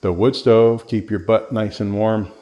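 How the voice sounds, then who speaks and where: A man's voice: on the low side, fairly even intonation, measured pace, noisy background. A man giving a casual walkthrough of a workshop barn as a real estate agent, rattling off tools like an auctioneer. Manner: rambling, listing tools like an auctioneer.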